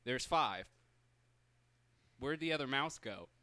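Young man, bright tone, relaxed chatty storyteller. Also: medium pitch, takes it slowly, clear, resonant tone, dry recording. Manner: chatty, quotes his dad and himself. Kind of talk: casual storytelling among friends.

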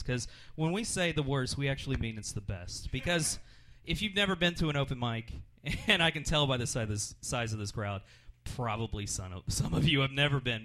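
A man doing a rambling stand-up set at an open mic in a comedy club, jumping up in pitch for his punchlines. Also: sharp tone. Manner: rambling, jumps in pitch for punchlines and put-on voices.

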